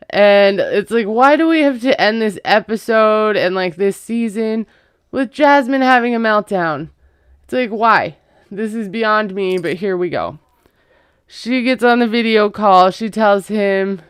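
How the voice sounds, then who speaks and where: A woman's voice: medium pitch, measured pace, clear, resonant tone, dry recording, studio quality. A woman recapping a TV episode in a casual, gossipy, sarcastic way. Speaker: TV recap vlogger.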